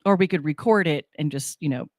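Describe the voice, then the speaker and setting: Chatty woman radio co-host, husky. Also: low-pitched, a little fast, no room sound, studio quality. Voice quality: husky morning voice. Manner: chatty, laughing, rambling asides. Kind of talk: casual morning radio chat. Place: radio studio.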